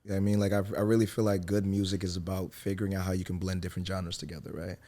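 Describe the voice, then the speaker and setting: A man's voice: deep voice, flat delivery, very fast, mellow. A man who is a musician guest on a podcast, speaking earnestly and persuasively in casual interview chat. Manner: earnest and persuasive, says "you know what I mean" often.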